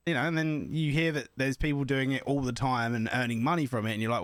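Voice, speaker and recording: A man's voice: medium pitch, fast talker, few pauses, a bit bright, no room sound, studio quality. A young man rambling and joking as he hosts a reaction video. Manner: joking, rambling, laughs often. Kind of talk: casual reaction commentary.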